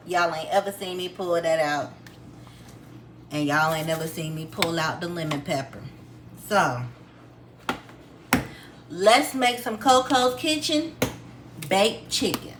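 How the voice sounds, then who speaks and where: A woman with a fairly low voice chats her way through a home cooking tutorial, calling out each step to her viewers. Her tone is relaxed and homespun. Clinking dishes and pans are clearly heard in the kitchen around her. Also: slow, pauses often, noisy background. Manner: chatty, addresses viewers as y'all, homespun instructions. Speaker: cooking vlogger.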